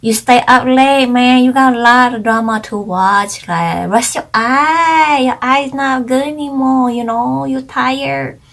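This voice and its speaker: A woman's voice: unhurried, few pauses. A woman imitating a man with a Chinese accent, teasing as he nags her to rest. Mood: fussing. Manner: teasing mock imitation, pitched up and louder.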